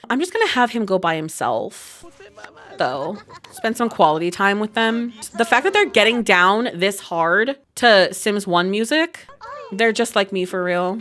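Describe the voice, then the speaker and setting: A young woman casually commenting while she plays a life-sim game, chatty and giggly, breaking into high squeals over cute moments. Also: fairly bright tone. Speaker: gaming video creator. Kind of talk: casual let's-play commentary.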